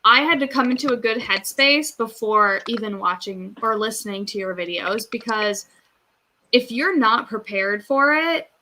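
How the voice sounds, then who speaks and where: Bright-voiced woman, earnest and emphatic. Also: on the high side, animated, moderate pace, a little hiss or hum, rough recording. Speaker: podcast guest. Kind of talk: casual podcast conversation.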